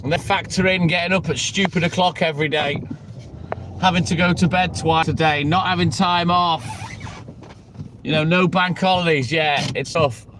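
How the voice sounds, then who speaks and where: A middle-aged milkman talks casually to his live viewers, greeting them one by one and swearing without a second thought. His voice sits high for a man. The road is loud behind him, with engines and street noise always present. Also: fairly even intonation, moderate pace. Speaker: milkman livestreaming his delivery round. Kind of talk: casual live-stream chat while working. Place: on the road during a delivery round. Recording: outdoor vehicle noise behind the voice. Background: vehicle and street noise.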